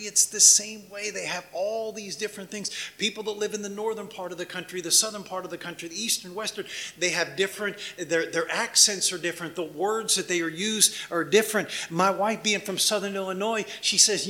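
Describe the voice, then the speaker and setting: High bright-voiced male missionary. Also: steady tone, a little fast. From Washington, D.C. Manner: anecdotal, acts out little dialogues, asks the congregation questions. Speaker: missionary speaking to a church. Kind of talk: conversational church talk.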